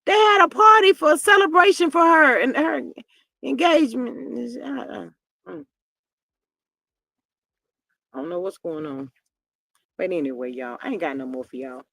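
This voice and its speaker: A woman's voice: on the high side, animated, moderate pace, creaky, long pauses, pushed and bright, no room sound. Chatty older woman gossip host, dry mic. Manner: chatty and drawling, acts out quoted people in voices. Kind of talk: casual gossip commentary to viewers.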